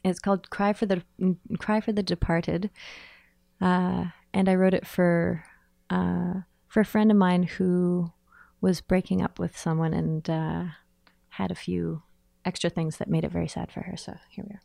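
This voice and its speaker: A woman's voice: fairly low pitch, level tone, a little slow, creaky, dark tone, dry recording. A woman musician, a guest on a radio show, chatting candidly about her work in a hotel room set up as a mobile studio, with frequent filler words. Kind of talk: casual interview chat.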